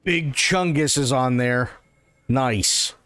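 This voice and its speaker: A man's voice: medium pitch, slow, a bit bright, no room sound. A man streaming a video game, reacting in a laid-back, muttering way. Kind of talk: casual game commentary.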